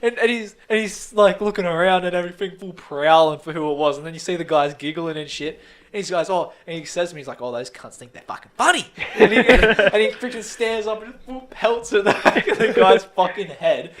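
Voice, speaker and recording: A man's voice: sits high, a little fast, a bit bright. Rambling young man telling stories. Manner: rambling storyteller, swears freely. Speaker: podcast co-host. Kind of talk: casual chat.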